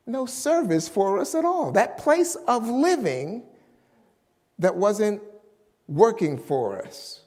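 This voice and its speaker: A man's voice: high-pitched, big pitch swings, slow, long pauses, a little mellow, long reverb tail. A middle-aged man preaching a sermon as a minister, emphatic and drawing out his key words.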